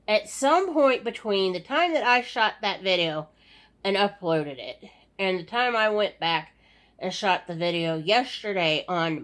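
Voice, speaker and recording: This is a middle-aged woman recording a casual personal update at home late at night. She sounds weary and sighs often, rambling and restarting as she talks. Her voice sits at a middle pitch. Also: a bit bright. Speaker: vlogger.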